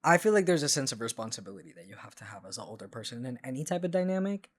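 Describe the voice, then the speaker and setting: Animated, expressive man co-hosting a chat. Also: mid-range voice, rapid-fire. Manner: animated and expressive, with playful exclamations. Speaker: podcast co-host. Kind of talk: casual chat.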